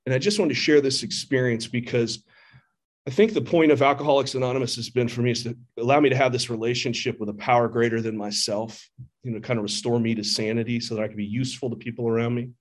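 A man's voice: mid-range voice, fast talker. A middle-aged man giving an earnest, candid recovery testimony from a church podium microphone, often restarting his sentences. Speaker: speaker sharing at a recovery meeting. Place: church meeting hall.

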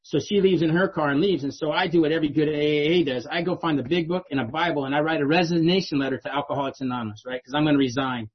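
Speaking very fast with few pauses, this middle-aged man has a slightly high, breathy voice. He shares his recovery story at a meeting in a streetwise, self-mocking way, frequently tacking on "right?", and the lo-fi recording sounds dull.

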